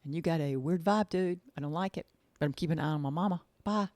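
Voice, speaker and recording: A woman's voice: low-pitched, fast, darkish tone, dry recording, natural voice. A woman voicing a sassy, wary female pet dog who talks bluntly and dismissively.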